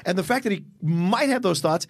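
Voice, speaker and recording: Animated man in dry close-miked talk. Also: sits high, fairly quick, breathy edge, no room sound. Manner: animated, enthusiastic, talks in bursts with restarts. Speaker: podcast co-host. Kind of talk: casual film discussion.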